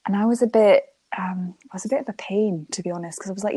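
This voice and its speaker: A young woman, a guest in an interview, chatting warmly about her life and laughing often as she tells a story. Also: mid-range voice, steady tone, fast talker, breathy edge, no echo. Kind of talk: emotional interview conversation.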